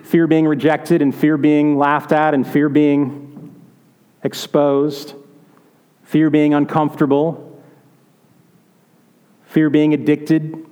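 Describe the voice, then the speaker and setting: A man's voice: on the high side, little pitch movement, slow, long pauses, darkish tone, smooth. A man pastor giving a conversational sermon, telling stories and asking the congregation questions. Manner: conversational, storytelling, asks questions. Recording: reverberant hall.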